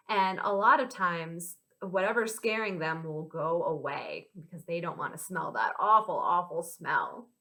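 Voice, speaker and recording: With a medium-pitched voice, a young American woman who works as a children's librarian runs a storytime for little kids. She keeps it animated and sing-song, encouraging the children along.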